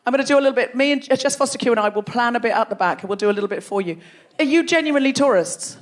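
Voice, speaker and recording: A woman's voice: a little high, lively intonation, racing. A woman hosting a live comedy show, bantering playfully and teasing the audience from a theatre stage. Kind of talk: live stand-up crowd work.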